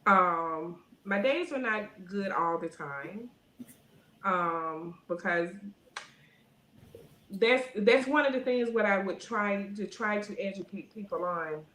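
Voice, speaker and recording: A middle-aged woman, talking in a casual interview and filling her speech with "you know", getting lively when she tells stories. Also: medium pitch, slow, roomy sound, slight background noise. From Alabama. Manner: rambling, frequent "you know" fillers; animated when telling stories. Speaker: guest.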